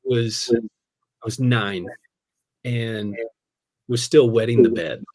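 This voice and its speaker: A man, a pastor, telling a personal story in a casual podcast conversation, animated, laughing often and tossing in "man" and "dude". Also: medium pitch, takes it slowly.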